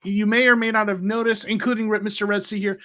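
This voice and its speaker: High-voiced man hosting a livestream. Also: level tone, fast talker, fairly bright tone. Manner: rambling, many fillers and restarts. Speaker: livestream host. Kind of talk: casual livestream chat. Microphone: new microphone.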